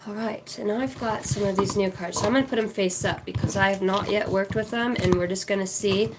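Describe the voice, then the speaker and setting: Very noisy audio surrounds this woman in her thirties, a psychic card reader whose mid-range voice is fairly even and a little fast. She chats casually and affectionately on a livestream, reading viewers' names from the comments.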